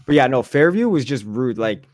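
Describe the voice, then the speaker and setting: A podcast co-host with a mid-range voice talks briskly, telling casual stories packed with swearing. He's an animated storyteller who acts out other people's lines. The recording has no echo.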